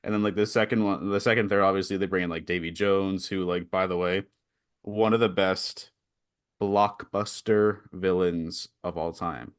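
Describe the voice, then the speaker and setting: A young man co-hosting a casual podcast chat, excitable and quick to laugh, with lots of fillers. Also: deep voice, clean tone, no echo, studio quality. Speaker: podcast co-host.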